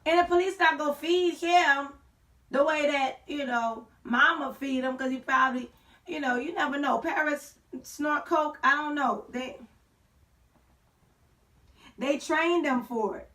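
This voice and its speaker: A woman's voice: high voice, a little slow, far from the mic. A woman hosting an online talk show, telling a story with playful slang and a sassy, joking manner. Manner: sassy, playful slang, sings and shouts for effect.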